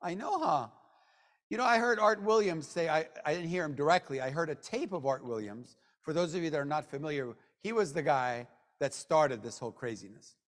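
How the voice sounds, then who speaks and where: A man giving a motivational sales training talk to a room of people, joking, and swinging between low mutters and loud bursts. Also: expressive, a little fast, few pauses. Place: meeting room with an audience. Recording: long hall reverb.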